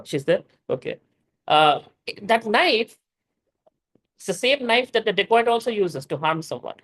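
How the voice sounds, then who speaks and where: A spiritual teacher with an Indian English accent gives a scripture class in a high-pitched voice, captured in poor audio. He speaks emphatically, builds to forceful exhortation, and chants Sanskrit verses slowly and carefully, often saying "you know" and restarting sentences.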